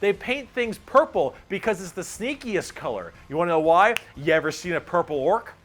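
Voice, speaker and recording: A man excitedly explaining a fantasy war game's creatures, swearing freely and slipping into quick mimicry of characters. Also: sits high. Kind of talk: animated casual explanation.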